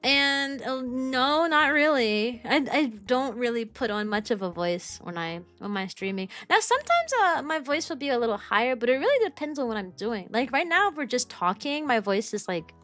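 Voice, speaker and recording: A young woman with a fairly high voice chats with her viewers, rambling and restarting her sentences as she goes. She is a streamer and a kindergarten teacher from the United States, and faint music plays under her talk. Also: animated, moderate pace, hardly any pauses, a bit bright. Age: young adult. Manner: chatty, rambling with restarts and fillers. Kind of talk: casual chat answering viewers.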